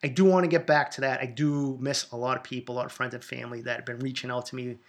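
A man in his thirties hosting a podcast, talking in a rambling, profane and casual way, in a low and somewhat depressed mood. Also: fairly even intonation, quick pace. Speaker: podcast host. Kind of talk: casual solo podcast monologue.

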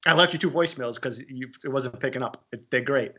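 Joking bright-voiced male podcast co-host. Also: mid-range voice, fast talker, slightly rough. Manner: joking, profane, rambling. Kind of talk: casual podcast chat. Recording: dull lo-fi sound.

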